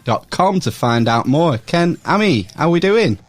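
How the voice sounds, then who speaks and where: A man's voice: a little high, very animated, unhurried, no room sound. A man hosting a casual interview podcast, upbeat and jokey, laughing at his own slips. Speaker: podcast host.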